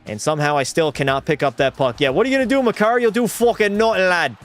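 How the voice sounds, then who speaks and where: Excitable young man streaming a game. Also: sits high, fast, faint music behind. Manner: excitable, swears, chats with viewers. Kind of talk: live gameplay commentary.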